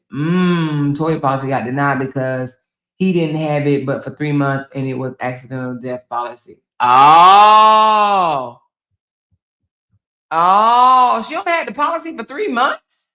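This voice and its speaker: A woman hosting a casual livestream, reading viewer comments aloud and laughing, teasing and swearing freely as she talks straight to her viewers. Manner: animated, swinging between loud exclaims and low asides. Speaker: blogger and livestream host.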